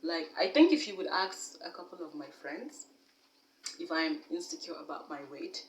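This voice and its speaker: A young woman vlogger talking candidly to camera in a casual, animated way, sometimes laughing at herself. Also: fairly low pitch, moderate pace, reverberant, far from the mic, a little hiss or hum, poor audio.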